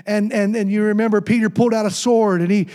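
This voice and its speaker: A man's voice: high-pitched, fairly even intonation, quick pace, mellow, clean tone. A man preaching a sermon, reading scripture and tossing call-and-response asides to the congregation, with the occasional joke. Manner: jokes with congregation. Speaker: pastor.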